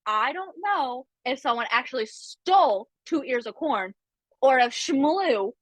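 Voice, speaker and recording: A woman's voice: sits high, unhurried, dry recording, rough recording. A woman co-hosting a podcast, telling a funny story in casual chat with lots of asides. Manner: animated, chatty, with frequent asides. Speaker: podcast co-host.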